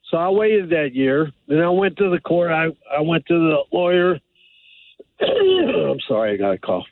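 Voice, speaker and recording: A man's voice: on the high side, very animated, no echo. Rambling man on a tinny phone line. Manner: rambling, halting with many fillers. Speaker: caller. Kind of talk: phone-in call.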